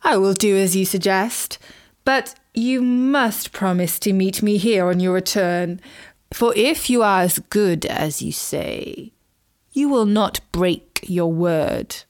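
Woman doing a slow, dim storybook wolf. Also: medium pitch, a little mellow, close to an everyday voice. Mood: courteous. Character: strong but dim male wolf, polite.

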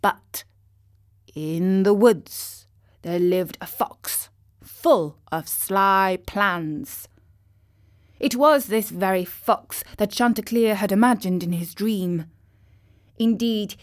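Female storybook narrator, slow and expressive. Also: mid-range voice.

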